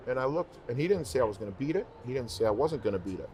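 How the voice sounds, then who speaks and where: A man who is a professional singer, guest on an interview show, telling stories in an animated, emphatic, rambling way. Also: mid-range voice, very fast, a little hiss or hum. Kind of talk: casual interview talk.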